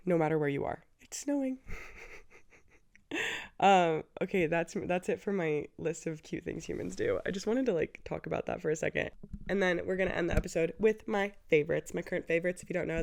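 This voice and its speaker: A woman's voice: gravelly, darkish tone. A woman in her twenties hosting a casual solo podcast, gushing and chatty, full of "like"s. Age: 20s. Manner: chatty and gushing, with lots of filler "like"s; breaks into a squeaky high put-on voice for quotes. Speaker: podcast host.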